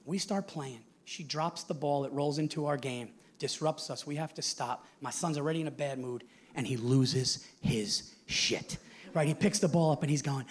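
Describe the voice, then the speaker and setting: A middle-aged man doing a stand-up set on stage, telling a loud, brash story full of swearing and acted-out quotes. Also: fairly high pitch, quick pace. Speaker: stand-up comedian. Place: large theater with live audience. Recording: live show with loud audience laughter. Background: audience laughing.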